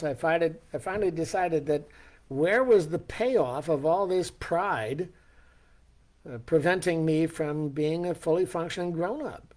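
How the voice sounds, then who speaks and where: Older man, slightly high voice, motivational talk, earnest personal storytelling, rhetorical questions. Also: a little mellow. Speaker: speaker.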